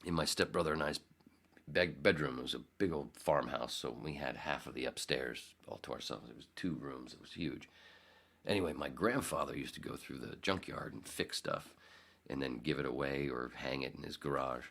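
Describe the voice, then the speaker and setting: A man's voice: extremely low pitch, moderate pace, vocal fry, fairly bright tone. A man in his fifties hosting a podcast, telling a long rambling story with restarts and acted-out quotes. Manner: rambling, self-correcting, acts out quotes. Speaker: podcast host. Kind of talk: casual storytelling.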